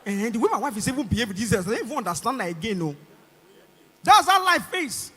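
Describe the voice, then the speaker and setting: A young Nigerian man doing stand-up with a very high, bright voice that jumps all over the place. He performs animatedly into a handheld mic and slips into voices and shouts. Long concert hall reverb trails every line. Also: big pitch swings, fast, slightly rough. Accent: Nigerian English. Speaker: stand-up comedian. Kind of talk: stand-up comedy routine. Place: large concert hall stage.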